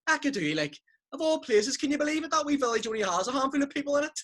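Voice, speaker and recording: A hyped-up Northern Irish radio presenter voiced by a man who talks in a high, bright and showy way. Every phrase comes out as a headline. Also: animated, fast talker. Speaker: comic performer.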